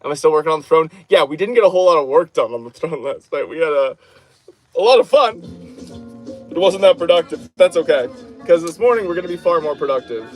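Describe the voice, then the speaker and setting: A man's voice: fairly high pitch, expressive, fast talker, faint music behind, rough recording. Playful rambling man crafting on stream. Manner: rambling, playful, jumps between topics. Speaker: channel host, crafter. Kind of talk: casual streaming chat while crafting.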